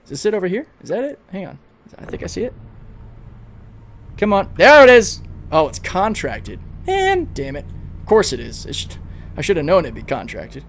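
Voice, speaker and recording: A man livestreaming a video game, giving excitable, casual commentary, swearing freely and talking to his chat. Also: high-pitched, normal speed, gravelly, long pauses, a little hiss or hum. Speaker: gaming livestreamer.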